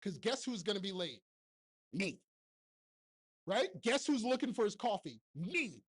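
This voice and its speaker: A keynote speaker and TV producer in his forties gives a blunt, joking motivational talk on stage, holding a handheld mic and firing rhetorical questions at the live audience. His slightly rough voice sits high, with an unhurried, sing-song delivery.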